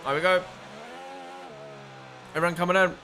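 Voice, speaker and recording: Excitable guy streaming a race watch-along, kinda high voice, loud race audio in the background. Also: normal speed. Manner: excitable, chatty, calls viewers bro. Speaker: live streamer. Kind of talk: casual live watch-along reactions. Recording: broadcast race audio noise behind. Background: race broadcast audio playing.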